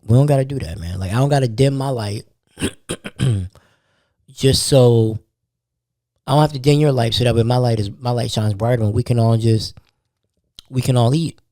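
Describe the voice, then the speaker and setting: A man's voice: medium pitch, steady tone, moderate pace, pauses often, a little mellow, dry recording, studio quality. A tired young man hosting a podcast, talking loosely in street slang. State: tired, yawning. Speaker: podcast host. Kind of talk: casual monologue.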